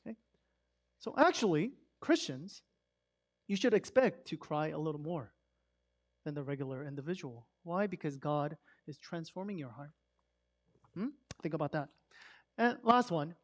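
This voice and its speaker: Guy preaching, high voice, casual sermon, lots of "why?" questions, gets loud then goes soft. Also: lively intonation, moderate pace. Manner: conversational, swings between loud emphasis and soft hush; asks rhetorical questions. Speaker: pastor.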